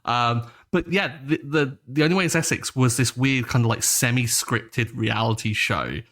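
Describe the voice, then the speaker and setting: A man co-hosting a podcast, explaining things in relaxed, wry casual chat. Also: medium pitch, normal speed. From England. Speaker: podcast co-host.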